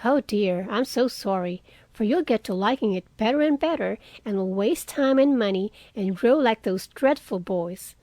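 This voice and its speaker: A woman's voice: medium pitch, expressive, normal speed, dark tone, no room sound, close to an everyday voice. A woman voicing a frank, spirited young woman in an audiobook reading, earnest and outspoken.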